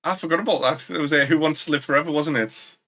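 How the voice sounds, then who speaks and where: A man's voice: on the high side, fairly bright tone. A man with a northern English accent, co-hosting a podcast in a jokey casual chat and asking the others questions. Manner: asks the questions, jokey and quick to laugh. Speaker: podcast co-host.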